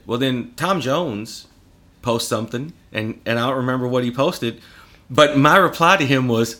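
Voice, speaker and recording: With slight background noise behind him, a male podcast guest speaks at a moderate pace in a mid-range voice. He tells animated stories casually, cursing often and acting out what people said.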